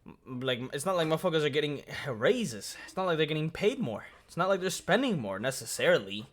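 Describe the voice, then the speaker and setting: A man hosting a reaction channel, chatting casually, swearing often and thinking out loud. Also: on the high side, sing-song, a little fast. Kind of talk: casual video reaction commentary.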